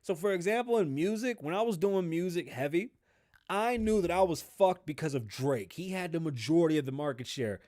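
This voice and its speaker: A man hosting a podcast alone, ranting casually and profanely in animated commentary. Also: a little high, brisk. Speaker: podcast host.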